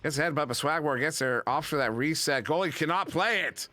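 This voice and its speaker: A man's voice: a little high, pushed and bright, faint music behind. A man casting a virtual reality sports match with play-by-play calls and playful joking asides. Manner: joking, playful asides, quotes action-hero one-liners; rapid play calling. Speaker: esports caster. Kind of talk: play-by-play commentary.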